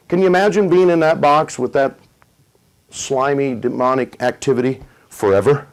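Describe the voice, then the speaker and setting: A middle-aged man preaching a sermon, retelling a story with dramatic pauses and rising emphasis. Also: medium pitch, rough recording. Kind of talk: sermon testimony.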